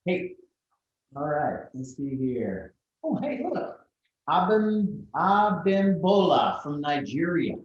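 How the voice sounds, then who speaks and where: A man's voice: on the high side, sing-song, takes it slowly. A man co-hosting a livestream, reading viewer comments in a playful, chatty way. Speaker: co-host. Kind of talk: livestream banter. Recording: roomy, dull lo-fi sound.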